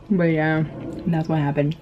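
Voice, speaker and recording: Chatty woman vlogger eating on camera. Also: on the low side. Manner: chatty, laughs often, many fillers. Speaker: mukbang vlogger. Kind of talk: casual storytelling while eating. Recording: dull lo-fi camera audio with faint noise.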